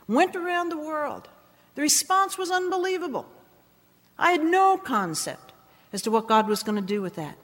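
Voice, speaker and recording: A woman preacher giving a dramatic personal testimony in a sermon, with emphatic, swinging delivery. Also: on the high side. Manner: dramatic, emphatic storytelling with wide swings in loudness. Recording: long hall reverb.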